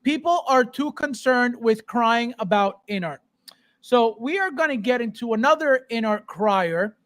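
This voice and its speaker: A man's voice: very high-pitched, a little slow. Guy hosting a podcast, goes off mocking stuff, chatty and loose. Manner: mocking, animated ranting with frequent laughs. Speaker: podcast host. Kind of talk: casual podcast banter.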